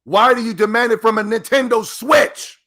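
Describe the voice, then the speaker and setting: A young man hosting a gaming podcast, ranting in a mocking, giggly, excitable way. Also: very high-pitched, normal speed. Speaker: podcast host. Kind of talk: casual gaming podcast rant.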